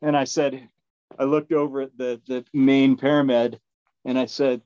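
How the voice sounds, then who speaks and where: A man at a middle pitch recounts a story as a guest, rambling through fillers, restarts and quick laughs. The recording is dull and low-fidelity, with a dry, close sound. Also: level tone, mellow, clean tone, no echo. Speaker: podcast guest. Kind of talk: casual storytelling.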